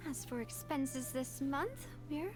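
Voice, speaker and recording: A woman's voice: sits high, animated, slow pace, loud music behind the voice. A woman voicing a gracious, confident young female leader in a video game, speaking politely and with poise. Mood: poised. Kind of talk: game voice acting.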